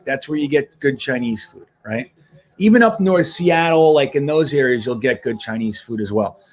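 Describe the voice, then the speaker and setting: Man, casual livestream host, slightly high voice, loose and profane chat. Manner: loose, profane, chatty, reacts to plays. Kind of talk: casual live watch-along chat. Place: home in Miami.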